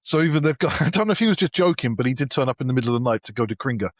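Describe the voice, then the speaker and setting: A man's voice: medium pitch, lively intonation, racing, no room sound, clean studio sound. A British man co-hosting a podcast, telling rambling anecdotes that stop and restart. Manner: rambling, self-interrupting anecdotes. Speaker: podcast co-host. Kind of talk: casual podcast chat.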